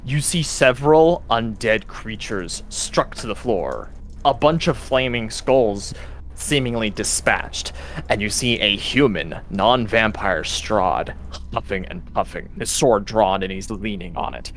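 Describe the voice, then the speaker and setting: A man running a tabletop game as dungeon master, narrating with lively descriptions and quick rules talk. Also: lowish voice, a little hiss or hum.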